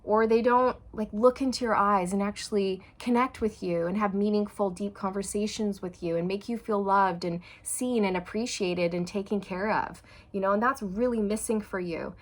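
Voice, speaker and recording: A woman doing a channeled tarot reading for viewers, chatty and expressive. She acts out quoted feelings with big swings, then drops soft and low for emotional parts. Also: moderate pace, hardly any pauses. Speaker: tarot reader.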